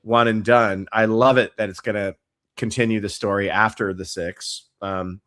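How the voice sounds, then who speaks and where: A man co-hosting a casual show recap, relaxed and chatty, swearing now and then. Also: fairly low pitch, moderate pace, no echo, clean studio sound. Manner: laid-back, swears, laughs often. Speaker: podcast co-host. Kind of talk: casual chat.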